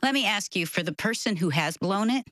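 A woman hosting a faith-based interview, listening warmly with frequent murmurs of agreement. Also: mid-range voice, animated, brisk, no room sound, studio quality. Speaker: host.

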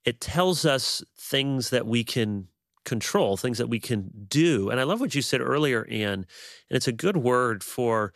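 A man speaking as a guest teacher on marriage, measured and quoting scripture in casual conversation. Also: mid-range voice, lively intonation, fairly bright tone, dry recording, clean studio sound.

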